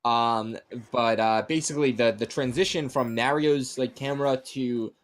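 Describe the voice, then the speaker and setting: A man giving casual live commentary on a speedrun race, quick and chatty with plenty of fillers. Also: medium pitch, fairly even intonation.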